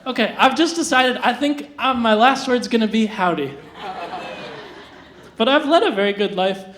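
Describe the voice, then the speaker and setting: A young adult stand-up comedian on a live stage, delivering absurd jokes deadpan with hesitant restarts and lots of fillers. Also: mid-range voice, brisk. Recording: roomy live venue sound.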